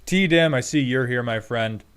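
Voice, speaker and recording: Male streamer host, sarcastic, profane, mid-pitched, loose casual banter. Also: measured pace, a bit bright, clear, resonant tone. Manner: sarcastic, profane, mock-scolding. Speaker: streamer host roasting viewer decks.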